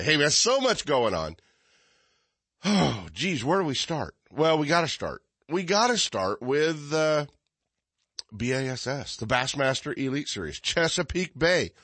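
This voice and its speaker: A man's voice: mid-range voice, pushed and bright, no echo. A man hosting a fishing radio show, chatting casually and rambling with many fillers and restarts.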